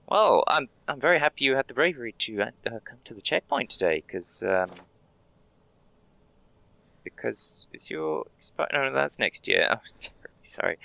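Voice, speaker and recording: Guy doing a chirpy polite border guard in a game, gravelly voice, pitch bounces all over, faint hiss behind. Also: sharp tone. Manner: chatty, polite and overly cheery to characters, mutters asides. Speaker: gamer playing a border inspector. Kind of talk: role-play let's play commentary.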